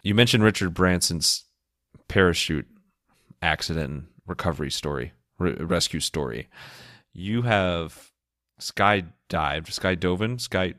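A man's voice: sits low, animated, fairly bright tone, no room sound, clean studio sound. A man hosting a podcast interview, playful and upbeat as he asks questions and jokes about wordplay. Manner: playful and upbeat, quick to laugh at puns. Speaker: podcast host.

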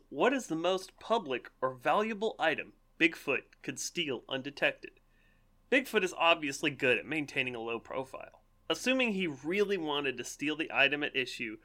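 Bright-sounding guy hosting a podcast, loose and jokey, cusses a lot. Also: a little high. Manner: animated, laughs often, swears. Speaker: podcast co-host. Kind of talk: casual podcast chat.

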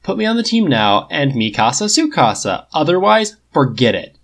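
A man putting on a high, shouting, sarcastic genius. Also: very animated, normal speed, full character voice. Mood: indignant. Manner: loud, high, incredulous outbursts.

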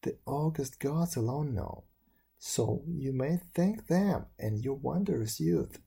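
A man voicing a kindly old countryman who speaks in a brisk, reassuring way. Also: medium pitch, expressive, gravelly, dark tone, husky, full character voice.

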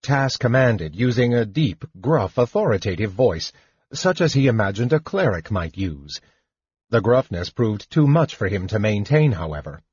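A man narrating an audiobook in a slow, expressive reading. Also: lowish voice, slightly rough, no echo, muffled recording. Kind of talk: scripted narration.

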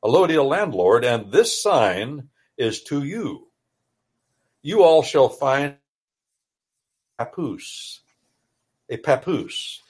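A man's voice: mid-range voice, big pitch swings, very slow, long pauses, darkish tone, slightly rough. A male radio host reading and explaining scripture in a folksy, emphatic, preacher-like way. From United States.

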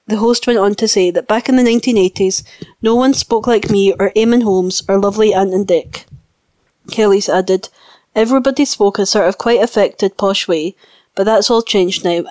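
A woman's voice: mid-range voice, darkish tone, dry recording. Woman reading news, dry close sound. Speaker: newspaper article reader. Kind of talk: read-aloud news article.

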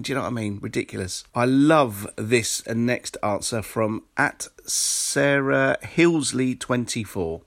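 A man's voice: medium pitch, a bit bright. A man hosting a solo podcast, reading out listener answers with sarcastic, exasperated asides. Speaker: podcast host.

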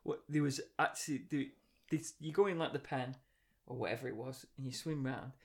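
A man's voice: medium pitch, fairly quick. A man co-hosting a podcast, telling stories with lots of energy and laughing often. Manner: animated storyteller, laughing often. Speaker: podcast co-host. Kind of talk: casual chat.

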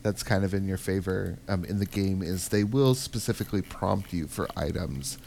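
Male co-host, relaxed game chat, lowish voice, faint hiss in the recording. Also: moderate pace, vocal fry. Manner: thinks aloud with frequent ums. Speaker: podcast co-host. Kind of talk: casual chat about a video game.

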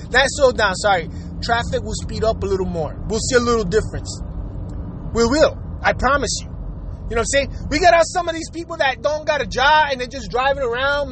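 A young man with a very high, fairly bright voice rants with profanity about traffic as he drives, going over the same complaints again and again. The vlog is recorded in his car in city traffic, with faint traffic noise.

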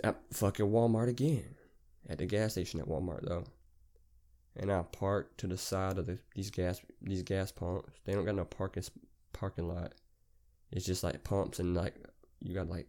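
A man hosting a podcast, telling a long story in a rambling, profane, casual way. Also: low voice. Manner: rambling, profane, animated retelling. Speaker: podcast host.

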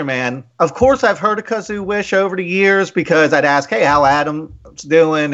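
A man with a Mid-Atlantic American accent hosting a casual podcast interview, telling stories in an animated, profane way. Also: on the high side. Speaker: podcast host. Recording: dull lo-fi sound.

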